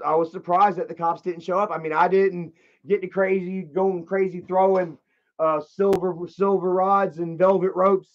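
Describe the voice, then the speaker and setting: A high-voiced man rambles through a story on his live stream, swearing freely and stumbling over restarts. His loud quoted outbursts cut through muffled, lo-fi audio. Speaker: livestreamer.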